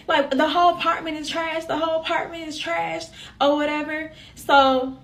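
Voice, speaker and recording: A young woman, telling a personal story in a casual, animated way and talking straight to her viewers. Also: sits high, moderate pace, distant mic. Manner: animated, addresses viewers directly.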